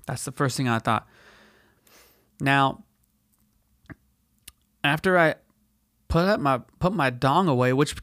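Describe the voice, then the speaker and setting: A man's voice: medium pitch, a bit bright, no room sound, clean studio sound. A man hosting a podcast, telling a story in a casual, profane, slangy way and acting out quotes in put-on voices. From United States. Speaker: podcast host.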